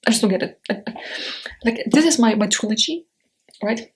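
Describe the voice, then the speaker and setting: A woman's voice: fairly high pitch, lively intonation, brisk. A woman vlogging about books in a casual chat to camera, chatty and rambling, with blunt opinions and lots of fillers. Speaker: book vlogger.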